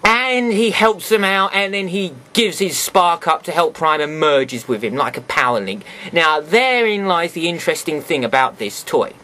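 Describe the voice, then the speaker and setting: A man's voice: on the high side, expressive, moderate pace, hardly any pauses, sharp tone. A man chatting casually as he reviews a toy for his viewers, full of sarcastic asides.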